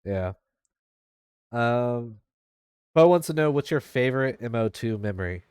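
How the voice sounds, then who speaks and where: A man hosts a casual interview and passes along questions from viewers. He sounds easygoing, and his voice sits at an ordinary pitch. The recording is dry, with no room echo. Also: lively intonation, a little slow, a little mellow, clear, resonant tone.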